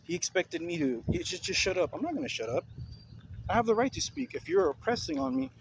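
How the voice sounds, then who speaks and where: Brief: man, confrontational vlog rant, raised pitch, faint background noise. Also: sing-song, brisk, creaky, poor audio. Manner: heated, repetitive, confrontational. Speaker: vlogger. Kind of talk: ranting video commentary.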